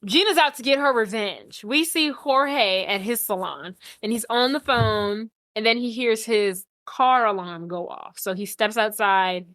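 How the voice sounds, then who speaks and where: Bright-voiced woman recapping a movie. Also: on the high side, a little slow, hardly any pauses, no echo. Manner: animated, acts out lines from the film. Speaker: podcast co-host. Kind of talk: casual movie recap chat.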